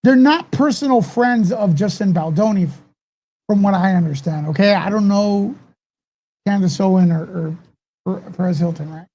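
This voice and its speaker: A man's voice: sits high, normal speed, dark tone. Heated, cussing man ranting on a live stream. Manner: heated, profane, rambling with restarts. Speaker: host of a live commentary stream. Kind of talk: live-stream commentary, talking to chat.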